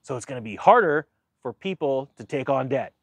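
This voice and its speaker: A man's voice: medium pitch, lively intonation, a little fast, no echo. A man giving a casual, sarcastic rant about the economy, mocking others in silly voices. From United States. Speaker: finance commentator.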